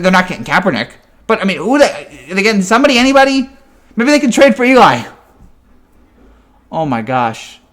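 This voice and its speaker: A man delivers a fan reaction rant in a voice pitched well above most men's. He sounds exasperated throughout and keeps tripping over his words, restarting sentences as he vents. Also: a bit bright. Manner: exasperated and ranting, with frequent stammered restarts. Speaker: sports fan commentator.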